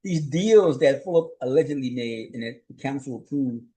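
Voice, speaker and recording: A man's voice: medium pitch, lively intonation, normal speed, warm tone, poor audio. A male host and journalist giving a solo commentary recap. He speaks conversationally and rhetorically, keeps asking "right?", and chuckles often.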